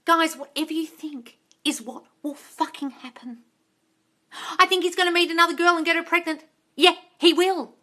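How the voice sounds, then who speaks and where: A young woman hosting a livestream Q&A, talking bluntly and swearing freely as she drives her points home. Her voice sits high, bright and sharp-edged, and she reads chat messages out between emphatic stretches. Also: moderate pace. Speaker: manifestation coach on a livestream. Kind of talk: ranting livestream Q&A.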